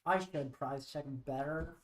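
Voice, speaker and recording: A woman talks through her card game moves at a leisurely pace, half to herself and a little wry. Her voice sits low. The sound carries a roomy echo. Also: measured pace. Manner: muttering, thinking aloud, wry. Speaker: streamer. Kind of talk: live-stream card game commentary.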